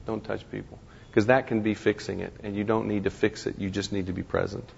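A man with a low, gravelly voice gives an informal lecture, talking conversationally and stumbling over restarts while slipping in wry jokes at his own expense. The recording is dull and lo-fi, and it carries a long reverb from a large hall. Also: level tone, a little mellow, slight background noise. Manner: conversational, halting restarts, wry self-deprecating humor. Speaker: guest speaker to a ministry class.

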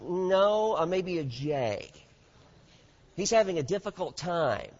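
A man's voice: high voice, lively intonation, slow, a little mellow, exaggerated voice. A man preaching mockingly plays a fake TV psychic who fishes for clues with hesitant guesses, recorded dull in a reverberant hall. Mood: fishing.

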